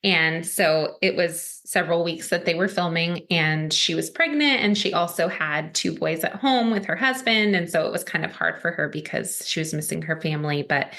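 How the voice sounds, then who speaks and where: A woman's voice: on the low side, fairly bright tone. A woman co-hosting a podcast, telling a story in a chatty way with frequent giggles. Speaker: podcast co-host. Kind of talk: casual chat.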